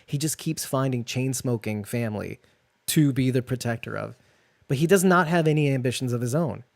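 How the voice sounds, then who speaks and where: A man's voice: medium pitch, normal speed, gravelly, no echo. A man co-hosting a casual discussion show, thinking aloud in loose, rambling sentences. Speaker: podcast co-host.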